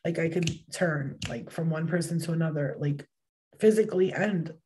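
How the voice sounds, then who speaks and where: Mellow-voiced woman giving an excitable tarot reading. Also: low-pitched, moderate pace, slight background noise. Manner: excitable, swears freely, bursts of exclamations. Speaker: tarot reader. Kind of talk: casual spoken tarot reading.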